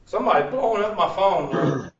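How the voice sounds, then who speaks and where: A man's voice: sits high, expressive, normal speed, fairly bright tone, a little hiss or hum. Man teaching a college math class. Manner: joking, folksy, addresses students by name. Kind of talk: first-day class talk to students. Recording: distant, echoey, muffled classroom recording.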